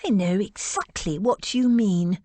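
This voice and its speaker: A woman's voice: mid-range voice, a little slow, dark tone, no room sound, lightly acted. A woman voicing a spirited, defensive young Regency lady who speaks emphatically and stubbornly.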